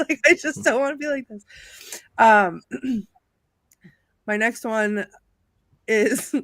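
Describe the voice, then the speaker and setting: A woman's voice: on the high side, normal speed, dry recording. A woman in casual chat on a movie panel, laughing often and reading aloud from her notes. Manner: giggly, animated, reads out notes.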